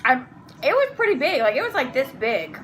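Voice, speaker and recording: A young woman with a high, bright voice talks casually as she eats at her family table. She is a mom hosting her own eating vlog, and she tells long, rambling stories between mouthfuls. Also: sing-song, brisk, a little hiss or hum, rough recording. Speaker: vlog host and mother. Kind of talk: casual chat while eating.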